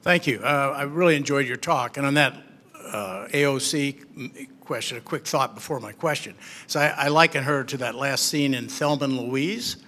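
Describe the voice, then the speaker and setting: A man's voice: medium pitch, moderate pace, pushed and bright. A man from the audience, an Army veteran, asking a long, earnest question. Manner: earnest, rambling.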